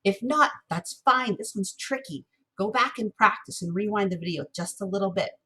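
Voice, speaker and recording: Bright, husky-voiced woman music teacher. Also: mid-range voice. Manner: patient, encouraging, chants rhythm syllables slowly. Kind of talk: recorded online music lesson.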